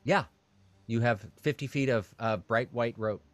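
A man running a tabletop game as game master, halting, with many fillers and restarts. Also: mid-range voice, no room sound, soft background music.

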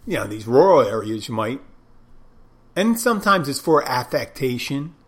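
Man, casual monologue, rambling, restarts sentences, mid-pitched voice, easygoing. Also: fairly bright tone. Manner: rambling, self-interrupting, conversational.

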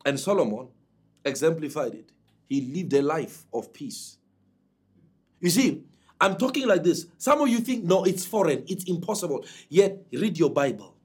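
A man preaching a sermon to a congregation with emphatic delivery and dramatic swings in pitch. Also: big pitch swings, normal speed, darkish tone, slightly rough.

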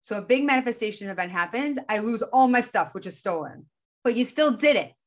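A woman talking in an earnest, casual way about spiritual self-help, often acting out the voices inside her head with quick shifts in tone. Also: fairly high pitch, animated.

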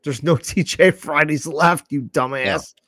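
Higher-voiced man, dry close sound. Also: a little slow, no room sound. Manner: animated, profane, acts out quoted voices. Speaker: podcast co-host. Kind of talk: casual chat.

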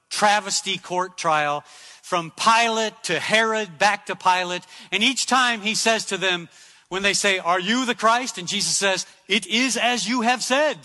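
A man's voice: high voice, sharp tone, in a large hall. A man preaching a sermon in an emphatic style, repeating phrases for effect. He speaks from a church sanctuary.

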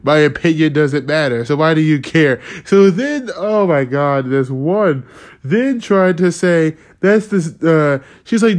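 Man, slightly high voice, casual rant, sarcastic, swears a lot, rambles off topic. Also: a little slow. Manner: profane, rambling, sarcastic, laughs often. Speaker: podcast host.

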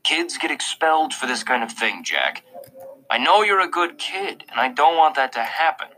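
A man reading an audiobook voices a calm, kindly school principal in a gentle, measured way, sometimes hushed. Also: on the high side, voice pushed up, poor audio.

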